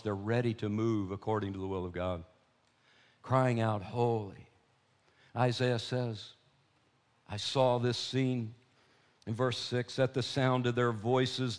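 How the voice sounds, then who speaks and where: A man preaching from the pulpit with dramatic swings between quiet intensity and loud emphasis. He drives his points home through repetition, building and falling in waves. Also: mid-range voice. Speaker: pastor. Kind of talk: sermon.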